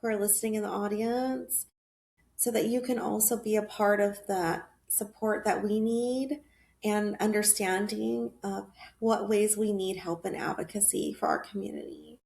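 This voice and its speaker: A woman hosts a heartfelt podcast interview. She speaks in an earnest, halting way, and her voice has a gravelly fry to it. The room gives her voice a noticeable echo. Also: medium pitch, darkish tone. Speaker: podcast host.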